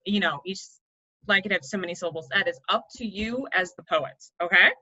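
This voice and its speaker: A woman's voice: fairly low pitch, a little fast, bright, forceful tone. A young woman coaching kids through an online poetry lesson, explaining step by step and checking in often. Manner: encouraging, explains step by step, checks in with "right?" and "okay?". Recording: dull lo-fi sound.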